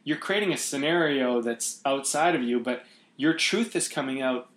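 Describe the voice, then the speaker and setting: A man's voice: mid-range voice, animated, moderate pace, fairly bright tone, roomy sound. A man hosting a podcast, talking casually and reflectively with many restarts. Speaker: podcast host. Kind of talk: casual conversation.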